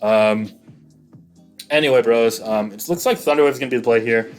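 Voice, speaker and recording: A man giving casual play-by-play commentary on an online battle, chatty and excitable, rambling with lots of fillers. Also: mid-range voice, moderate pace, faint music behind.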